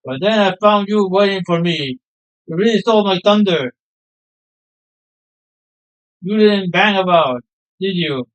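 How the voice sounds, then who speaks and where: A man's voice: sits high, animated, normal speed, clean tone, highs cut off. A man reading aloud the lines of a proud, sentimental fisherman father in a game, in a homely, storytelling way. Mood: fond.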